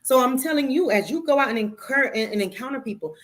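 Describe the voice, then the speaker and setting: A woman's voice: high-pitched, expressive, quick pace. A woman hosting a spiritual talk show, speaking emphatically and a little preachily, with playful cursing and calling listeners "baby".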